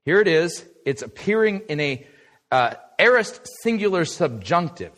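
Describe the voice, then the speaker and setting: Lively man teaching a Bible lesson. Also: a little high, normal speed. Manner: lively, conversational, asks the audience questions. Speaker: pastor teaching a Bible study. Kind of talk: sermon lesson.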